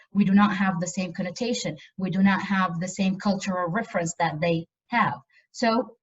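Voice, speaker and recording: Woman lecturer, earnest and emphatic, mid pitch, muffled video-call audio. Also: breathy edge. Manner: earnest, emphatic with frequent repetitions. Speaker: university lecturer. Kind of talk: online lecture.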